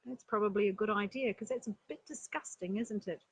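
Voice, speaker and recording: A woman reading a children's story aloud, breaking off for chatty asides and rhetorical questions to her listeners, with a breathy voice. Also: mid-range voice, fairly quick, no echo. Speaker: storyteller and life coach.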